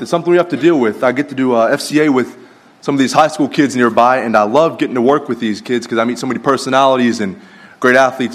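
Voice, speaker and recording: A man preaches a sermon at a brisk clip. He talks in a loose, conversational way, telling stories and often restarting his sentences. His voice sits at an ordinary pitch for a man. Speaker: pastor.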